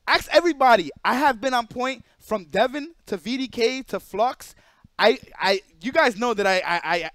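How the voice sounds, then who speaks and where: A high-pitched man rants a story to his stream chat, repeating himself for emphasis and slipping into other people's voices. The sound is dry and close, with no room around it. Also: fairly bright tone, dry recording.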